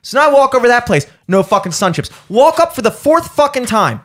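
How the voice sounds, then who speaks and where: High-voiced ranting man. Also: sing-song, fairly quick. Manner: heated, sweary, mocking. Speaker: podcast host. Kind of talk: profane ranting story.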